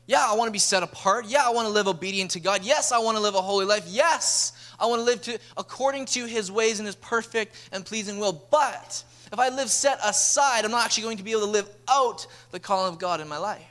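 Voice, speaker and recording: Young man, pastor preaching a sermon, fairly high voice, energetic storytelling. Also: quick pace, hardly any pauses.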